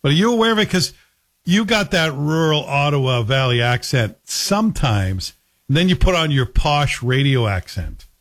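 A man from Scotland hosting a radio talk show, chatting in a lively, storytelling way. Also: fairly high pitch, moderate pace.

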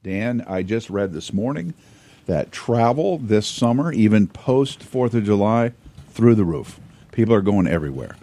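Animated male radio host losing his voice. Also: on the low side, moderate pace. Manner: animated storytelling, bursts of speed. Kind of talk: casual on-air chat.

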